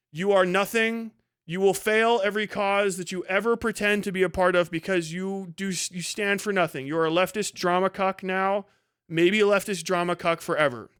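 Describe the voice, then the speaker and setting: A man's voice: sits high, fairly bright tone, clear, resonant tone, dry recording, clean studio sound. Man streamer on a profane, mocking rant. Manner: fast bursts and sudden drawn-out words. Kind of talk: livestream rant.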